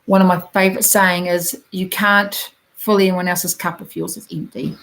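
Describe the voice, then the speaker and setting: A woman with a New Zealand accent giving a gentle, encouraging oracle card reading to viewers, talking directly to them with plenty of ums. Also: fairly low pitch, flat delivery, moderate pace, rough recording.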